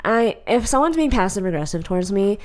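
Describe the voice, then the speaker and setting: A woman co-hosting a podcast in casual chat, blunt and opinionated, telling stories in an animated way. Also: mid-range voice, a little fast. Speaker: podcast co-host.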